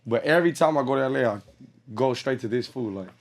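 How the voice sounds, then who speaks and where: A young man talks as a podcast guest in a relaxed, easygoing way. His voice sits in a middle pitch, and he keeps answering with easy agreement. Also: quick pace, crowd noise. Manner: laid-back, lots of "yeah yeah" backchannel. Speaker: rapper guest. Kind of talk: casual chat.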